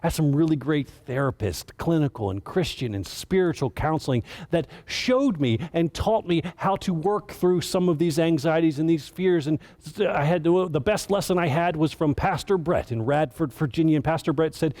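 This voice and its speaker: A man's voice: on the high side, normal speed, hardly any pauses, a little mellow. A man giving a casual, earnest sermon as director of children's ministry, stumbling and restarting as he tells the story.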